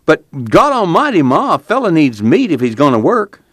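A man's voice: on the high side, huge pitch swings, normal speed, a bit bright, slightly rough, no room sound, studio quality, pitched above the performer's own voice, full character voice. A man voicing a hungry young man who complains in a rural dialect. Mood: complaining.

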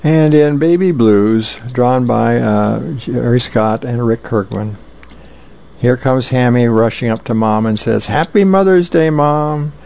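Man volunteer reader, easygoing storytelling, gravelly voice, muffled sound. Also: medium pitch, fairly even intonation, a little slow, dark tone. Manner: easygoing, plain storytelling with fillers. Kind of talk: reading comic strips aloud.

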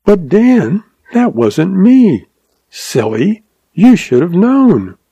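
A man voicing a spirited young woman who runs a dude ranch, in a raised, animated voice. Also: high voice, very slow, husky, no room sound, pitched above the performer's own voice, exaggerated voice. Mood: earnest, teasing.

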